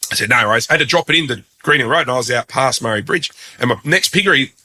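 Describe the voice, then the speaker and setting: Speaking in a mid-range voice at a racing clip, this Australian guest spins his tale in a laid-back, lively way. He's self-deprecating and performs the quotes as he goes.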